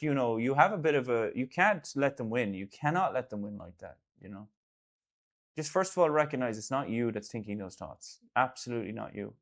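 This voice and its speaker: A man in casual one-on-one talk, earnest and reassuring, rambling with fillers and restarts and repeating himself for emphasis. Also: mid-range voice. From Ireland. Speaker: artist and host.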